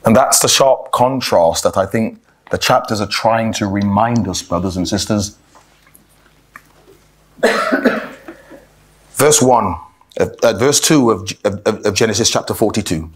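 A man's voice: on the low side, measured pace, long pauses, slightly rough. A man giving a sermon-style Bible talk, addressing the congregation as brothers and sisters and reading scripture aloud, often restarting his words.

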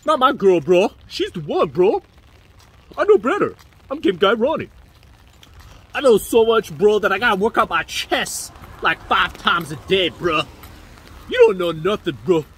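A man putting on the voice of a boastful, know-it-all young gym bro, loud and mocking, outdoors on a street. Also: high-pitched, big pitch swings, a little slow, husky, full character voice. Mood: mocking, smug.

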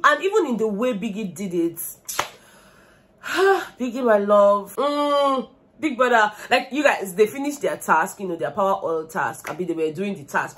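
A young woman with a Nigerian accent, giving animated, gossipy commentary on a reality show and slipping into Pidgin slang. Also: mid-range voice. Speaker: vlogger.

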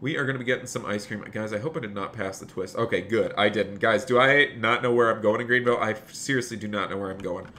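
Upbeat streamer greeting chat, bright voice. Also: male voice, on the low side, quick pace, few pauses. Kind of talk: live-stream role-play commentary.

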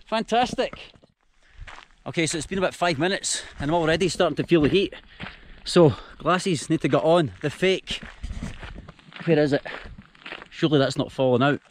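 A man's voice: on the high side, moderate pace, long pauses, slight background noise. Chatty Scottish man vlogging on a hike. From Scotland. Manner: chatty, jokey, self-mocking. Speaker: travel vlogger. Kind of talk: casual vlog to camera. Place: outdoors, countryside by rail tracks. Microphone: handheld action camera.

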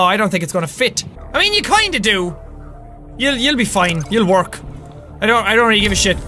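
A young Irish man in his twenties giving loud, excitable let's-play commentary, swearing often and yelling with excitement. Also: extremely high pitch. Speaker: gaming YouTuber.

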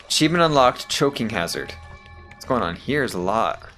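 Young guy swearing at a game, lively up and down voice, sarcastic running commentary. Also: mid-range voice. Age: young adult. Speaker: gamer. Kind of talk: let's play commentary.

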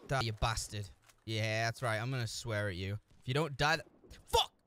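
This streamer's voice is lowish and fairly bright, moving at a moderate pace as he commentates his own shooter gameplay. He swears nonstop, trash-talks opponents, and cracks jokes between frustrated outbursts, recorded on a desk mic with a camera and no headphones.

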